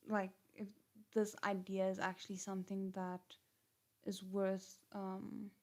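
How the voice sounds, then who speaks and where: A woman from Africa, chatting casually on a livestream, hesitant with many ums, her voice a little gruff. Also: medium pitch, a little mellow. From South Africa. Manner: hesitant, many ums and restarts, thanks viewers. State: slightly gruff voice. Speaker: channel host on a livestream. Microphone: headphones and desk mic.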